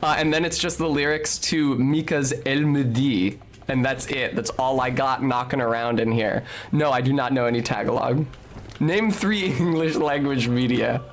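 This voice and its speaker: A man's voice: medium pitch, moderate pace, slight background noise. A man streaming a video game, chatting casually with viewers in a rambling, joking, profane way. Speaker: game streamer talking to chat. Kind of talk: casual live-stream chatter while playing.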